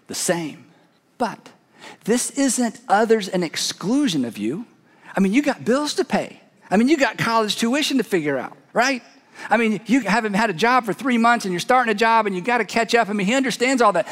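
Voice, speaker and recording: High-voiced preacher in a reverberant hall. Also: male voice, very animated, fairly bright tone. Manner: conversational storytelling, halting restarts, emphatic asides. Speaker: pastor. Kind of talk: sermon.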